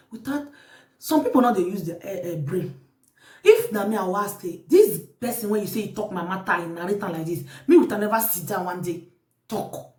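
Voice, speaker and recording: A woman with a Nigerian Pidgin accent telling a story in a casual, animated vlog, outspoken and repeating words for emphasis. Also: mid-range voice, normal speed. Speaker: vlogger. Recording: roomy sound from a distant mic.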